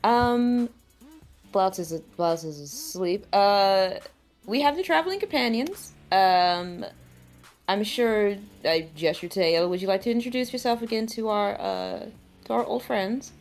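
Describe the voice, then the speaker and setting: A woman player speaking in character, halting and polite, often searching for words. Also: medium pitch, expressive, faint music behind. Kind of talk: in-character tabletop play.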